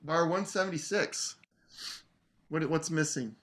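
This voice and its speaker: A man coaching an English horn player in a masterclass, relaxed, singing phrases to show the rhythm. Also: a little high, a little slow. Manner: relaxed, sings phrases to demonstrate. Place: online video masterclass.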